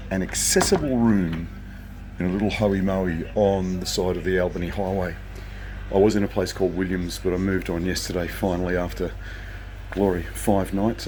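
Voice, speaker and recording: Deep-voiced older man rambling at night. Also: a little mellow, a little hiss or hum, rough recording. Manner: chatty, anecdotal, occasionally profane. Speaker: vlogger. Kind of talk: casual rambling monologue. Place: motel room at night.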